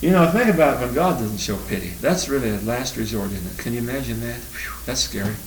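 A man teaching the Bible verse by verse, reading scripture aloud with rising emphasis and then commenting in loose, halting asides. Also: mid-range voice, lively intonation. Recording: roomy, distant mic with faint noise.

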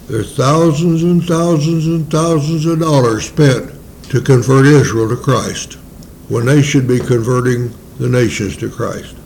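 A man preaching in a mellow, relaxed voice, with a folksy, homespun manner. He keeps tagging on rhetorical questions to the listeners and slows down when he reads the old-fashioned scripture. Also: mid-range voice, a little hiss or hum, rough recording. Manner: reads scripture in King James wording, slowing down. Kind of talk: sermon.

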